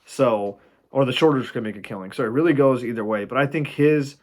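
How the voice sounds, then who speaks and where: A man casually explaining stock shorting, animated, swearing freely and acting out panicked traders. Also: medium pitch, fairly quick. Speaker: investing video host.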